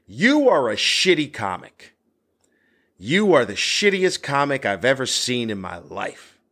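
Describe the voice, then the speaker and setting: A man quoting a belligerent male heckler at a bar, voiced as yelling and accusing. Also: medium pitch, sing-song, unhurried, full character voice. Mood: angry.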